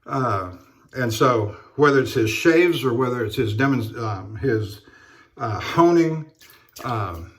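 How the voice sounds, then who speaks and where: Slow, halting man chatting while shaving. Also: medium pitch. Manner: halting, with many fillers and restarts; rambling storyteller. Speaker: straight razor shaving vlogger. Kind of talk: casual talk while shaving.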